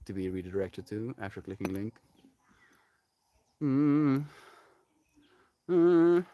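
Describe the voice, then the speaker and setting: A man's voice: lowish voice, darkish tone. A young man on a casual solo live stream, rambling playfully and slipping into baby talk with his pets.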